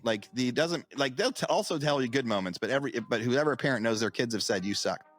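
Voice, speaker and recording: A man's voice: medium pitch, expressive, fast, fairly bright tone, soft background music. A middle-aged man co-hosting a podcast, chatting casually and telling stories that act out the people in them. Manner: storytelling, acts out quoted voices. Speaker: podcast co-host. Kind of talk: casual chat.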